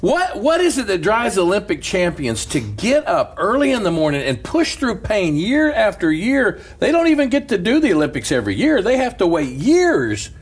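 A middle-aged man, a pastor, telling a story in an animated, preacher-like way and laughing as he goes. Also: sits high, moderate pace, hardly any pauses, slightly rough. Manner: lively, laughs through stories, preacher's cadence.

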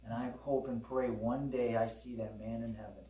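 A man's voice: mid-range voice, steady tone, normal speed, warm tone, distant mic. A middle-aged man preaching a sermon to a congregation, telling stories in a conversational way and calling out to the people listening. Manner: conversational storytelling, with calls to the congregation. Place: church hall with congregation. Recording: echoey hall, preacher away from the mic.

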